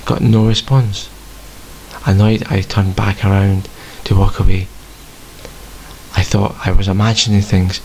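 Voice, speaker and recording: A man reading his own first-person story aloud in a plain, measured way. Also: low-pitched, level tone, darkish tone, a little hiss or hum, low-quality recording.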